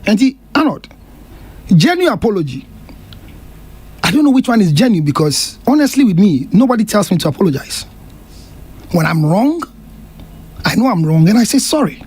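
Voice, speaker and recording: A man's voice: high-pitched, big pitch swings, moderate pace, pauses often, darkish tone, husky. A Ghanaian man on a radio panel, insistently defending his remarks and switching between English and Twi. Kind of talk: heated radio panel talk. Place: radio studio.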